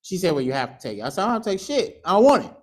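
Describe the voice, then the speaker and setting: At a recovery meeting, a high-voiced man who is an alumni speaker shares his raw recovery story as a personal testimony. He's very animated and rapid-fire, candid and profane, telling it with laughs and acted-out quotes.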